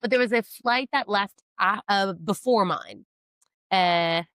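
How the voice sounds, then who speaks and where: A woman's voice: medium pitch, slow, a bit bright, dry recording. A woman comedian, a podcast guest, telling a story in a casual chat, self-mocking and acting out what people said.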